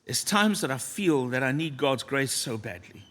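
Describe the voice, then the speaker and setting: A man preaching a sermon in a church, earnest and storytelling, often dropping to a soft, low voice. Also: very animated, normal speed.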